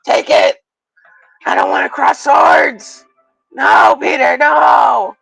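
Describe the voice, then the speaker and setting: A man putting on the voice of a clingy, dramatic male friend, wailing and shouting in mock complaint. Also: wildly swooping pitch, slow, gravelly, dry recording, a faint crowd, heavily acted, low-quality recording. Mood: whiny dramatic. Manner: shrill, wailing, melodramatic.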